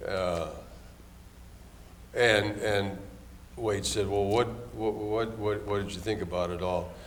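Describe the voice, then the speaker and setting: A man's voice: fairly low pitch, steady tone, slow, big-room sound, slight background noise. An older man interviewing a veteran for an oral history, reacting with eager exclamations and retelling stories.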